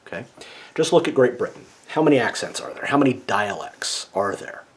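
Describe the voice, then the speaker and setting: A man's voice: mid-range voice, expressive, a little fast. A man giving a casual explanatory monologue as a video essayist, lecturing and checking in with the listener with a frequent "okay?". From United States.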